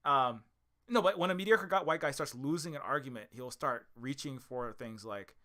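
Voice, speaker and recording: A man from Hawaii giving a rambling casual commentary, talking rapidly with many fillers and restarts. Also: mid-range voice, sharp tone. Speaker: video commentator.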